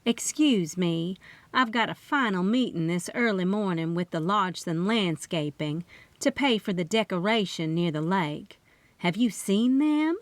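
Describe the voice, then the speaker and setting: A woman's voice: on the low side, lively intonation, measured pace, dry recording. A woman narrator voicing a flustered middle-aged hotel owner, harried and overheated, in a dry recording.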